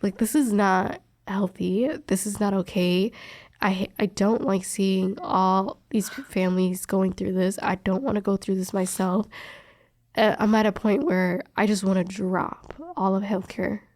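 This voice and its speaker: In a medium-pitched, slightly mellow voice with fairly even intonation, a young woman speaks at a measured pace. She's a respiratory therapist giving an interview, recounting her job candidly and emphatically as she tells stories and quotes other people's words.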